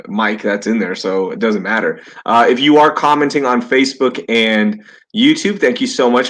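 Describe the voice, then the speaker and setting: A man hosting a casual live podcast from home, upbeat and jokey, quick to laugh, talking into a cheap gaming headset. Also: fairly low pitch. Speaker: podcast host.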